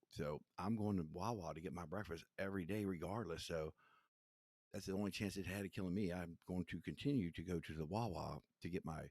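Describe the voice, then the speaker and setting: A man's voice: sits low, gravelly, a little mellow, husky, no echo. A middle-aged man hosting a livestream, rambling casually through a story. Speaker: livestream host. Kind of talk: casual live commentary.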